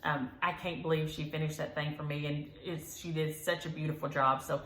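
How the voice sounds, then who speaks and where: A woman's voice: low-pitched, steady tone, brisk, a bit bright, roomy sound. A woman hosting a stitching vlog, rambling in a folksy way with many ums as she chats to viewers from home. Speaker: flosstube host. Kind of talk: casual chat to viewers. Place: room at home.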